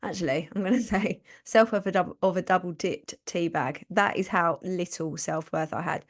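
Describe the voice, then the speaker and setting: A woman's voice: fairly low pitch, normal speed. A woman hosting a live stream. She gives casual motivational talk, chatting and laughing as she acts out quotes. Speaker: podcast host and business coach.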